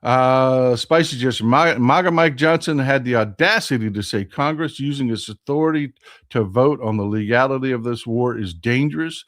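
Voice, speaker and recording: A man's voice: medium pitch, normal speed, a bit bright. A man with a Texan accent hosting a political livestream, emphatic and repeating phrases for stress while reading viewer comments aloud and answering them. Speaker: livestream host.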